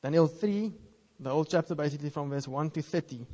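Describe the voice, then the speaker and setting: A man's voice: fairly high pitch, fast talker, mellow. Man preaching in a reverberant hall. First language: Afrikaans. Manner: earnest, conversational, reads scripture aloud. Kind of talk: sermon.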